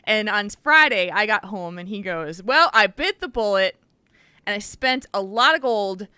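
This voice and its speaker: Animated woman telling a gaming story. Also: medium pitch, unhurried, clean tone, no echo, studio quality. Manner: animated storytelling, laughs often, acts out quotes. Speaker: podcast co-host. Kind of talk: casual gaming chat.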